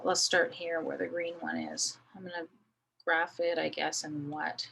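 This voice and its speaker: A woman's voice: on the low side, vocal fry, fairly bright tone, a little hiss or hum, low-quality recording. A woman teaching a math lesson, thinking aloud as she draws a graph, with many fillers. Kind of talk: recorded screen lesson.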